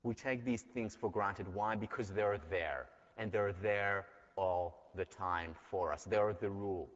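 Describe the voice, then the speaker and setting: A man's voice: fairly low pitch, fairly even intonation, a little slow. A man giving a university lecture and telling stories in an earnest way, heard in a dull recording from a large lecture hall. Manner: earnest, storytelling.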